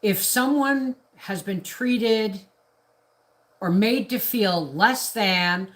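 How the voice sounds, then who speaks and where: A woman's voice: mid-range voice, extremely slow, fairly bright tone. A middle-aged woman from Canada talking on a casual live stream, ranting in a rambling, indignant way with restarts. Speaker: homestead vlogger on a live stream.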